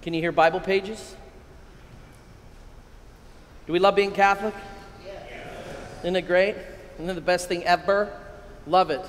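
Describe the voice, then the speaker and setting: A middle-aged American priest giving an excitable, energetic keynote talk to a men's conference, with sudden loud bursts. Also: male voice, high voice, fairly quick, a little hiss or hum. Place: large hall at a conference. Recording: echoey hall, long reverb.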